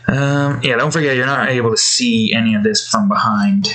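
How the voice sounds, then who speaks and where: A man's voice: mid-range voice, moderate pace, pushed and bright, rough recording. A man thinking aloud while he draws, rambling with fillers and talking to his cat between remarks. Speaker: artist drawing on stream. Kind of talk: casual commentary while drawing.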